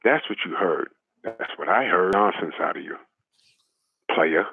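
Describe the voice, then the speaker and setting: A man's voice: low-pitched, lively intonation, a little slow, creaky, husky, no room sound. A man calling in to a talk show, ranting in a fired-up, mocking, profane way. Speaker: caller. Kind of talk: heated phone-in rant. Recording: dry phone line.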